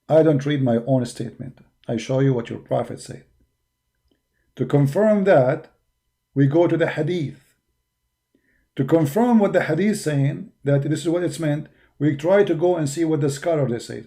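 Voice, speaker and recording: Arabic-accented man, gravelly and dark-toned, emphatic debater who mocks his opponents. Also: a little high, normal speed. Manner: combative, mocking, emphatic. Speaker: religious debater. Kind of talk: polemical monologue.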